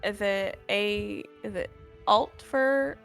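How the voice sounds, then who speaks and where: A woman playing in a tabletop game, asking quick, eager questions. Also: mid-range voice, vocal fry, faint music behind. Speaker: player. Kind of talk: casual game chat.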